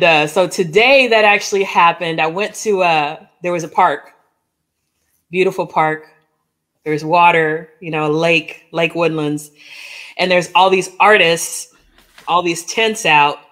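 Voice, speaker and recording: Animated woman telling a podcast story. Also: lowish voice. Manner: animated storyteller, acts out dialogue, frequent "like" and "oh my gosh". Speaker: podcast co-host. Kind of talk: casual storytelling chat.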